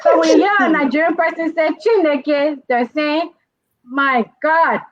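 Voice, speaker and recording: A woman with a Liberian accent hosting a casual talk show, animated and laughing as she teaches slang phrases. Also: high voice, unhurried, dry recording. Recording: dull, dry lo-fi sound.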